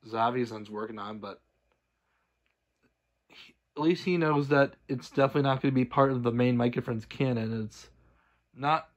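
A young man ranting straight to camera, exasperated and scolding, tripping over restarts and swinging between low mutters and shouted outbursts. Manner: stumbling restarts. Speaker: cartoon creator. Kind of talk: angry direct-to-camera rant.

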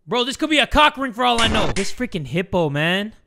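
A man giving excitable let's-play commentary, shouting and swearing at the game. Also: sits high, fairly quick, gravelly, background noise. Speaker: gaming YouTuber.

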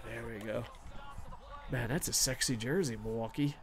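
A man casually commenting over a hockey video game, excitable, swearing often and talking to himself. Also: mid-range voice, normal speed, crowd noise. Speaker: gaming streamer.

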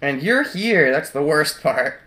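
A man giving casual let's play commentary over a video game, chatty, sarcastic and excitable. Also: fairly high pitch, unhurried.

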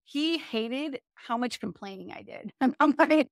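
A woman's voice: high-pitched, expressive, a little slow, dry recording, studio quality. A woman speaking as an interview guest, telling her story in a casual, chatty way, full of fillers and self-corrections and often laughing.

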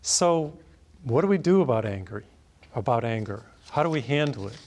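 A man's voice: medium pitch, animated, normal speed, a little mellow. A man, a priest, preaching a sermon through a personal anecdote, storytelling animatedly and laughing at himself.

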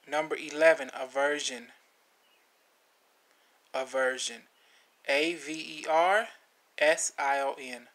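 A man hosting a vocabulary video, naming each word, spelling it letter by letter and repeating it, with relaxed asides. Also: a little high. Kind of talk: slow spelling lesson.

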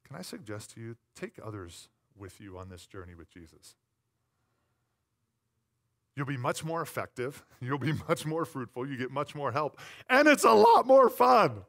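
A man preaching a sermon as pastor, conversational and playful, dropping to quiet asides and rising to loud, emphatic repetition. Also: mid-range voice, animated, normal speed.

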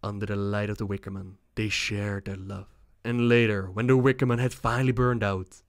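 A man narrating video game lore in a measured, calm storytelling manner. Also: on the low side, dry recording, studio quality.

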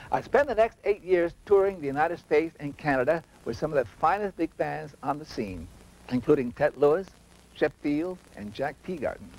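Host, man, 60s, from Texas; calm, measured scripted narration, slightly higher pitch. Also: poor audio. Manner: reminiscing, measured storytelling.

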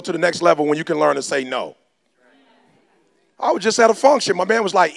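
A man's voice: on the high side, sing-song, fairly quick, gravelly, pauses often, a faint crowd. A man giving a fiery motivational speech, lecturing his listeners in slangy street talk. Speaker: motivational speaker.

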